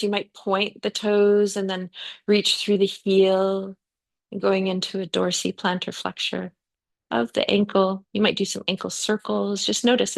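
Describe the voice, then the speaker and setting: A woman's voice: mid-range voice, gravelly. Chatty, encouraging woman yoga teacher. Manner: chatty and encouraging, with frequent "yeah" and "okay". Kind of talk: guiding a live yoga class.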